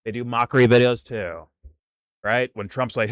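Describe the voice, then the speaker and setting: A man's voice: on the low side, steady tone, fairly quick, fairly bright tone, no room sound. A man hosting a political reaction show, talking in a heated, sarcastic and profane way and mocking others in put-on voices. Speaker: commentary show host.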